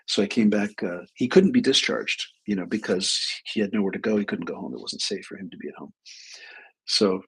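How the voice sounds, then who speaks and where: A middle-aged man with a husky, slightly low voice hosts a live advice stream. He tells stories from his clinical practice in a conversational way, breaking off for lively asides. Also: brisk. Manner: storytelling, animated asides. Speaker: host, clinician.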